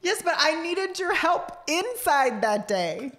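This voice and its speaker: High, lively teasing woman. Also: slow pace. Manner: teasing, laughs often. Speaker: podcast co-host. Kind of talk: casual banter with her husband.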